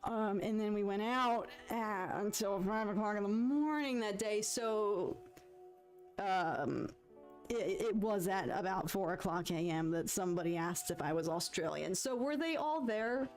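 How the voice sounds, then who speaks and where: A woman's voice: mid-range voice, unhurried, soft background music. A young woman from the United States with a Detroit accent, chatting in a rambling, giggly way to viewers of her live stream while she draws. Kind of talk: casual chat while drawing.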